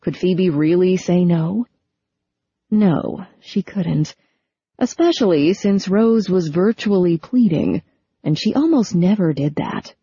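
A woman reading a novel aloud as audiobook narrator, in steady, even storytelling. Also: fairly low pitch, slow pace, breathy edge, no room sound. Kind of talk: scripted narration. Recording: dull lo-fi recording.

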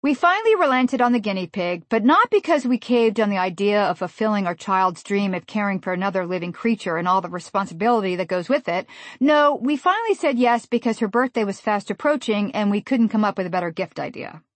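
An American woman in her forties narrates her own funny memoir as an audiobook, deadpan and wry, at a mid pitch and a slightly quick pace. The recording is close and dry, with no room sound at all.

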